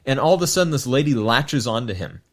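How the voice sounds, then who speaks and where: A man's voice: medium pitch, big pitch swings, fast talker. A man co-hosting a film podcast, talking casually and rambling with many fillers and restarts. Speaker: podcast co-host.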